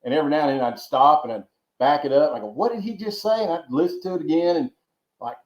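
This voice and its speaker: A man's voice: on the high side, fast. A man from Georgia, telling long rambling stories as a podcast guest, often repeating words and adding folksy asides. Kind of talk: casual storytelling interview. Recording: roomy, dull lo-fi sound.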